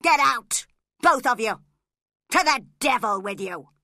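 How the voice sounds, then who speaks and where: A woman voicing an aggressive, violent young father who threatens and shouts in a dry, close storybook reading. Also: very high-pitched, takes it slowly, no echo, exaggerated voice. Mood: shouting. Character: violent drunken young father, cruel and unstable.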